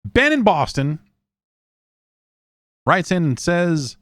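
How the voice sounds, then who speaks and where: A man's voice: a little high, very animated, slow, fairly bright tone, dry recording, studio quality. A man hosting a podcast in a casual, wry, rambling chat full of fillers and restarts. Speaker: podcast host.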